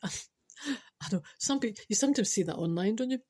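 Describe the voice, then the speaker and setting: A Scottish woman in her forties tells a comic story in a chatty, meandering way. She ad-libs freely, breaks off into asides and keeps adding "I know." Her pitch sits in the middle of the female range. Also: lively intonation, normal speed, mellow, slightly rough. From Scotland. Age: 40s. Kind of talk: rambling comic monologue.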